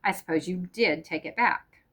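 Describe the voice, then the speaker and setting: A woman reading the part of a confined, weary wife who keeps her voice low, quiet and without emotion. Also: normal speed. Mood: flat guarded.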